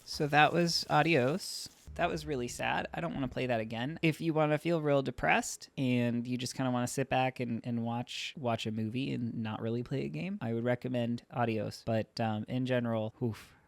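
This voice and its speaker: A man's voice: medium pitch, steady tone, moderate pace, vocal fry, hardly any pauses, no room sound. A man commenting casually on a game as he plays, emotional and chatty, talking to himself. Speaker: gaming YouTuber. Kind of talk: let's play commentary.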